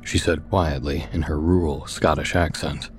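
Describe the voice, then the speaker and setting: A man narrating a scripted horror story in a measured, steady storytelling manner. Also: very deep voice, soft background music.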